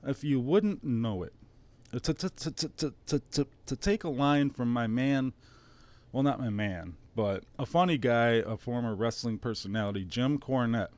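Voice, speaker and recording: A man's voice: mid-range voice, normal speed, a little mellow. A man in his thirties with a Detroit-area accent, hosting his own stream in a casual, rambling monologue, sarcastic and profane with mock-emotional asides. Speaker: streamer host.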